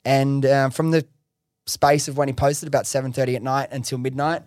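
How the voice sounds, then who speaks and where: A young man in the guest chair of his own podcast recounts his story in a lively, slangy way, swearing freely and scattering fillers. His voice sits at an ordinary middle pitch. It is recorded close and dry, with no room sound. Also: brisk, no room sound. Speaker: podcast host interviewed as guest, business founder. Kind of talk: casual interview storytelling.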